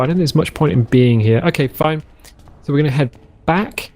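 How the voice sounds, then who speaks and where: A man's voice: a little high, brisk, darkish tone, dry recording. A man hosting a let's play, chatting and musing aloud in a rambling way while he plays a survival game. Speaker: gaming channel host.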